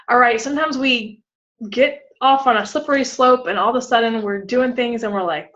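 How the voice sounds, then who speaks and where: A woman pastor speaking at a conference breakout session, her voice a little high. She talks frankly and keeps checking in with her listeners. The recording sounds slightly dull and muffled. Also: moderate pace, a bit bright. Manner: direct, frank, with frequent "all right?" and "okay?" check-ins.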